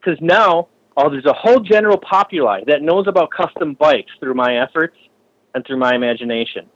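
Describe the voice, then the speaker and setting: A man's voice: fairly high pitch, expressive, fairly quick, a bit bright, highs cut off. A custom bicycle frame builder, a man telling stories in a casual podcast interview, swearing freely and ranting heatedly.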